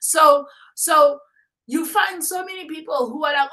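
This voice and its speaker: A woman's voice: high voice, normal speed, sharp tone. A woman being interviewed, speaking with passion in a preacher-like way and often repeating her points. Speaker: guest. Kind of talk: interview conversation.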